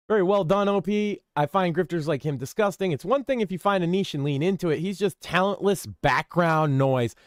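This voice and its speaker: A man's voice: fairly high pitch, clear, resonant tone, dry recording, clean studio sound. A man hosting a casual commentary stream, reading forum posts with wry, offhand remarks. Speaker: stream host.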